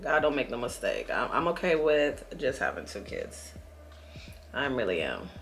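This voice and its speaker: A woman's voice: extremely low pitch, very animated, normal speed, faint music behind. A woman, chatting casually to viewers while doing her makeup, a bit dramatic. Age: 40s. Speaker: beauty vlogger.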